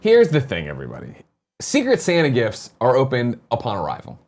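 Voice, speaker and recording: A man's voice: medium pitch, brisk. A man co-hosting a casual morning talk show, reading a sponsor ad and teasing his co-hosts. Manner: jokey, animated, teasing. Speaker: show host. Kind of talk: casual chat with ad read.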